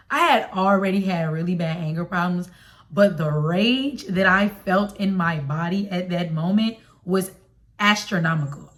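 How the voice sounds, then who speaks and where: A young woman from Chicago, with the accent to match, shares a personal story with her viewers in a storytime vlog. Her mid-range voice is confiding, slangy, and animated.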